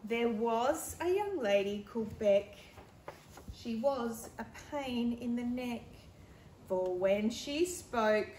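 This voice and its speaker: A woman reading her own picture book aloud to children in a gentle, explaining manner. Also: on the high side, moderate pace, roomy sound, a little hiss or hum. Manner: gentle, explaining to young kids. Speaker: teacher.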